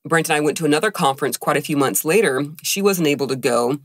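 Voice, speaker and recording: A woman's voice: deep voice, lively intonation, fast, no room sound, clean studio sound. A woman co-hosting a podcast, telling an emotional personal story with lots of quoted dialogue. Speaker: podcast co-host.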